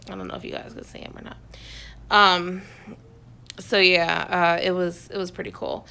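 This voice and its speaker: A woman's voice: on the low side, sing-song, normal speed, gravelly, long pauses, bright, forceful tone, clean tone. A woman talking casually to her phone camera from her couch at home, rambling with lots of fillers and restarts. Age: adult, has a son. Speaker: vlogger. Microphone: phone on a selfie stick, close.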